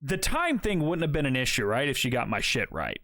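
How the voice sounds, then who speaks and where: On a casual podcast, a co-host with a brisk, medium-pitched voice tells an animated story packed with swearing. He acts out both sides of the dialogue himself.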